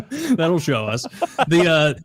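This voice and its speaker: A man's voice: on the high side, huge pitch swings, takes it slowly, dry recording. Dry-miked man, mocking podcast chat. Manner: rambling, mocking, mimics others in quotes. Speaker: podcast co-host.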